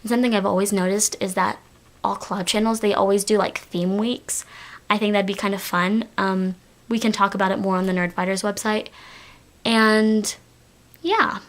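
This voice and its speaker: A young woman with a Southern US drawl talks straight to her camera in a loose, chatty vlog. She rambles along, filling her pauses with ums and likes. Her voice sits at an ordinary middle pitch for a woman. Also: steady tone. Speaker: collab channel vlogger. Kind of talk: casual vlog monologue.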